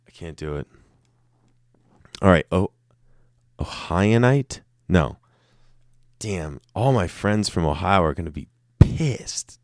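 A man's voice: deep voice, darkish tone, dry recording, clean studio sound. A young man talking in a rambling, joking, profane monologue, poking fun at himself. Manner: joking, profane, self-mocking.

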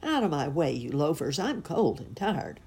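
A woman's voice: deep voice, very animated, normal speed, darkish tone, slightly rough, heavily acted. A woman voicing a grumpy tiny old male dwarf who snaps and demands in a storybook reading. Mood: angry. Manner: snappish and demanding.

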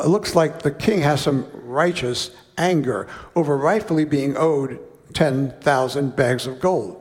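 A man's voice: on the high side, big-room sound. A man preaching a sermon, reading a parable aloud and breaking off for conversational, wry asides.

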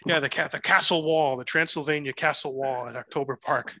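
A man's voice: on the high side, fairly even intonation, brisk, sharp tone. A man in casual family chat, rambling and joking, laughing often as he tells stories.

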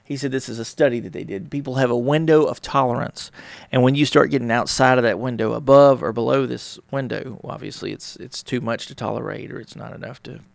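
Podcast host, male, gravelly with heavy fry, casual and rambling, dry close sound. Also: mid-range voice, steady tone, a little fast, few pauses, dry recording. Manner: rambling, conversational, acts out little dialogues. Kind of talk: casual solo talk on relationships.

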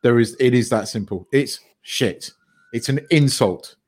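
A man's voice: medium pitch, unhurried, darkish tone. A man co-hosting a podcast, blunt and sweary, ranting in casual chat. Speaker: podcast co-host.

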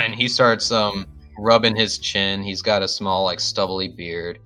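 A man's voice: on the low side, flat delivery, a little slow, sharp tone, soft background music. A man narrating a tabletop role-playing game as game master, casual and full of fillers, over a video call.

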